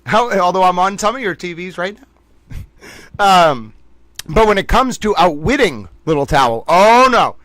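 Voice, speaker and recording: A man with a high, bright, sharp voice hosts a casual livestream. He talks playfully and mock-dramatically, laughing often. His voice sounds dry and close, with no room around it. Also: animated, normal speed, dry recording. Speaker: livestream host.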